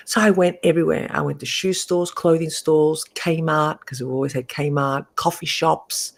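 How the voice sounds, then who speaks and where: A middle-aged woman, a guest, telling a story in a lively, animated way and laughing often. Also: low-pitched, normal speed, creaky. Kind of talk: casual storytelling.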